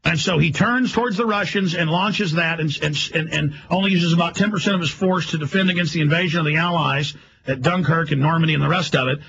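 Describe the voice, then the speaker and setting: A man hosting a radio show, delivering a rapid, emphatic, rambling monologue. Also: on the high side, creaky, a bit bright, highs cut off, slight background noise.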